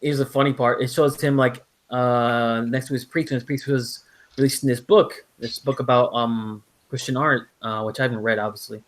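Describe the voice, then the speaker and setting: A man's voice: mid-range voice, steady tone, normal speed, rough recording. A man hosting a casual live stream over a call, rambling with lots of fillers and restarts. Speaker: host.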